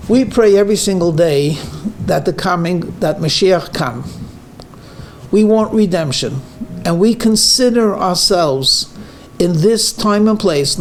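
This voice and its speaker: Here a rabbi's voice sits high, with a little background noise behind it. His weekly lecture is part sermon, part comedy, part lesson, full of stories and fillers, and he keeps emphasizing words to illustrate how changing the stress changes the meaning.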